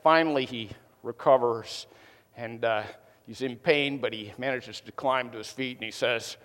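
A man preaching a sermon to his congregation, telling a joke with lively energy and sometimes repeating words as he builds up. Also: mid-range voice, normal speed. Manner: lively storytelling, repeats words when excited. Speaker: pastor. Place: church sanctuary. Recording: long reverb of a large hall.

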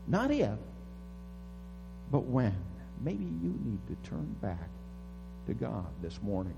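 A pastor preaching a sermon dramatically, swinging from hushed tones to booming calls. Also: male voice, very animated, measured pace, vocal fry, long pauses, big-room sound, faint music behind. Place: church sanctuary.

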